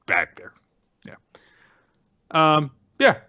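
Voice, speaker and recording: A man co-hosting a podcast, chiming in with quick jokes and asides. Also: on the high side, huge pitch swings, pushed and bright, no echo, lo-fi sound. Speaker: podcast co-host. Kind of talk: casual podcast banter.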